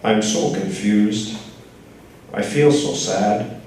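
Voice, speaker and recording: A man reading his own short story aloud at a writers' group, in a measured, plain storytelling manner. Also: fairly low pitch, a little mellow. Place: writers' group reading, large echoey room. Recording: very echoey room, from far off, faint noise.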